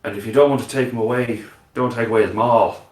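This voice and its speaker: A man's voice: medium pitch, steady tone, fast, faint music behind. Rambling jokey man in an echoey room. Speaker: panelist. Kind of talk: casual chat.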